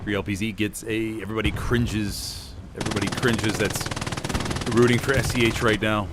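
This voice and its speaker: A man doing live play-by-play commentary on a competitive shooter match, lively and prone to sudden exclamations. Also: fairly low pitch, moderate pace, heavy background noise. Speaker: competitive game caster. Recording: game gunfire and artillery clearly heard behind. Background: game gunfire and explosions.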